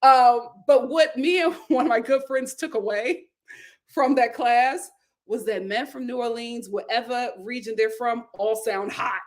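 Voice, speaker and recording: A woman hosting a casual live stream, reading viewer comments aloud, laughing often and breaking into loud exclamations. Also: fairly high pitch, a little slow.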